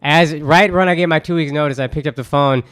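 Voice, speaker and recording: A man's voice: on the high side, quick pace, a bit bright, smooth, no echo, clean studio sound. Laid-back man telling work stories. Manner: laid-back storyteller, acts out quotes. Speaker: podcast guest. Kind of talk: casual chat.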